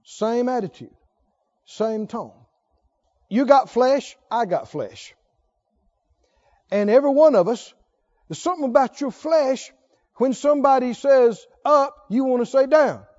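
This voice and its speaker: A man's voice: extremely high pitch, a little slow, pauses often, darkish tone, dull audio. A male pastor preaching emphatically, often putting questions to his congregation. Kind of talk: sermon.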